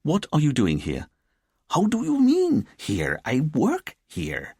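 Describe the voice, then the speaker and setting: An easygoing, laid-back male police officer who plays things up, as a male narrator puts him on. The voice is husky and dry, pitched up a little and lively. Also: slow pace, no echo, heavily acted. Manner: casual, laid-back, melodramatic.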